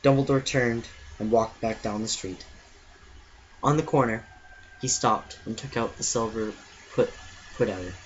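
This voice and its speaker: A man giving an earnest, steady amateur storybook reading, stumbling now and then. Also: medium pitch, a little slow, long pauses, highs cut off, a little hiss or hum. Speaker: reader.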